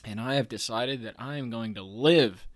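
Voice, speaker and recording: A man's voice: medium pitch, normal speed. A man hosting a casual sports podcast, talking in a playful, jokey way and hyped about his team. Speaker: podcast host.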